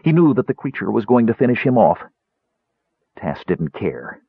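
Man narrating fantasy, tinny and lively. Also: lowish voice, moderate pace, breathy edge, dry recording. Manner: expressive, dramatic reading. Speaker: audiobook narrator. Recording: tinny narrow-band dry recording.

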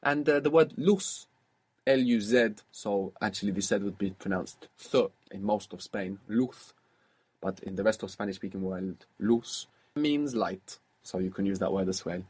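Guy teaching a language, husky voice, patient, keeps asking how you'd say it. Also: fairly low pitch, normal speed, darkish tone. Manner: patient, prompting and explaining. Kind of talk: spoken language lesson.

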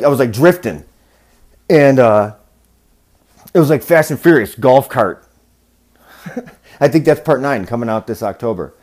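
A man hosting a podcast, casually telling a travel story, swearing freely and bursting into loud rants. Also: mid-range voice. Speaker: podcast host.

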